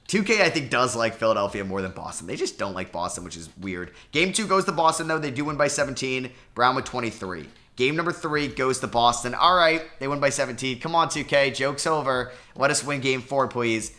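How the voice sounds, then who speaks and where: Excitable young man narrating a basketball game. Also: mid-range voice, a little fast, few pauses. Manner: excitable, swings from hopeful pleading to groaning despair. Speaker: gaming commentator. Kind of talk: basketball video game playthrough commentary.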